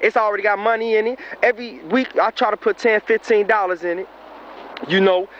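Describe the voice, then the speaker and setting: A man's voice: high-pitched, steady tone, brisk, a bit bright, dull audio, a little hiss or hum. A young man talking in a rambling, slangy comic monologue to a dead friend, laughing between lines. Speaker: comedic monologue performer.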